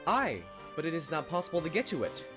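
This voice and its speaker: A performer voicing a blustering old sea captain who talks in pirate slang and gruff exclamations. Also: medium pitch, very animated, fast talker, music in the background, close to an everyday voice. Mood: grave. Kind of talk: hobby voice-acted animated fan story.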